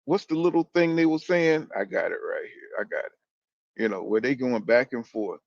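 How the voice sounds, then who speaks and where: A man who comments on boxing sounds animated and a bit creaky, medium in pitch and talking at normal speed. His casual opinion rant is rambling and full of swearing, peppered with "you know what I'm saying," and the recording is dry and muffled.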